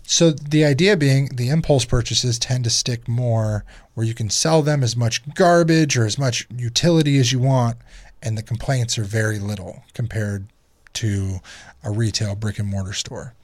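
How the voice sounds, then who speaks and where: A man who runs a repair shop, hosting a casual podcast and talking business with lively storytelling. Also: medium pitch, moderate pace, no echo. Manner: animated storyteller, acts out quoted customers. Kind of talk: casual chat.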